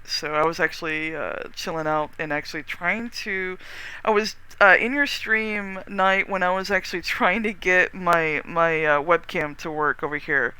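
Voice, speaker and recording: A streamer with a Texan accent, chatting casually with viewers while gaming, rambling warmly with lots of restarts and the odd swear. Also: medium pitch, steady tone, moderate pace, clean tone.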